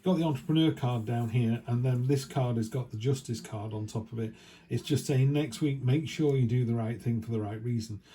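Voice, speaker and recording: Male tarot reader, mellow warm tone, rambling casual delivery with asides. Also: medium pitch, a little fast. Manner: rambling, chatty, restarts and asides. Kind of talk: casual weekly tarot reading.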